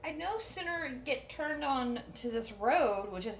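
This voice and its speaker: A woman's voice: high voice, lively intonation, a little slow, a little hiss or hum. A woman co-hosting a podcast, telling a story in casual chat, hesitant with many restarts. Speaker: podcast co-host. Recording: dull lo-fi recording.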